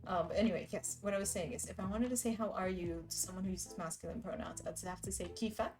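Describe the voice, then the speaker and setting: A woman's voice: on the low side, fast talker, music in the background, poor audio. A woman live streamer in casual, rambling chat who laughs often.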